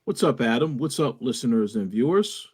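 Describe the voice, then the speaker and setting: A man co-hosting a podcast, calm and measured, with frequent hesitations. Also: medium pitch, breathy edge. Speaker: podcast co-host. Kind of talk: casual podcast discussion.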